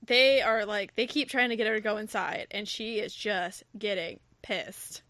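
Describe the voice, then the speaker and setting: A woman's voice: moderate pace, no room sound. A woman hosting a podcast, chatting casually about a book and acting out its lines with big swings in her voice. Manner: animated, acts out quotes with big pitch jumps. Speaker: podcast host. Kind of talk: casual book discussion chat.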